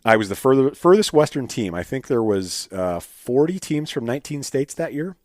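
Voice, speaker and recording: A man telling stories as a podcast guest in a casual, animated way, full of fillers and restarts. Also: mid-range voice, moderate pace, no echo, studio quality. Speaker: podcast guest, state game bird biologist. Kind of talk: casual storytelling in an interview.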